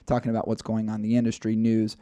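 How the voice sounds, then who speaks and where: A man's voice: lowish voice, monotone, fast, mellow, smooth, no room sound, clean studio sound. A man co-hosting a casual podcast, talking in a loose, rambling way with fillers. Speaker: podcast co-host.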